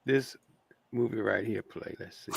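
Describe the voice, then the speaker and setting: Man, gravelly voice, very slow and lively-pitched, relaxed livestream guest, faint line noise. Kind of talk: casual chat on a livestream. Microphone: video call.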